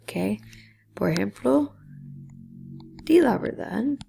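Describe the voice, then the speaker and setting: A woman's voice: on the high side, animated, slow pace, gravelly, mellow, husky. A woman teaching a Spanish grammar lesson, explaining patiently step by step and sometimes dropping to a whisper on key syllables.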